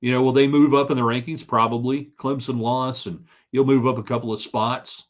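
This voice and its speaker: Speaking fairly quickly with fairly even intonation, a man with a mid-range voice hosts a live sports stream as a sports podcast host. His commentary is chatty and opinionated, rambling with restarts, and the streaming setup mic gives slightly dull lo-fi audio.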